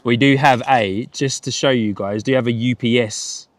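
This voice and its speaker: A man's voice: medium pitch, steady tone, moderate pace. Chatty man hosting a live stream. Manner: chatty, laughs often, reads chat aloud. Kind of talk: casual live commentary. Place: outdoors at an airport.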